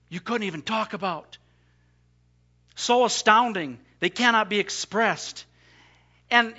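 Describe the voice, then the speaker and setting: High, bright-voiced preacher. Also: male voice, lo-fi sound. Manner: emphatic preaching, voices scripture in first person. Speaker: pastor. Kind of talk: sermon.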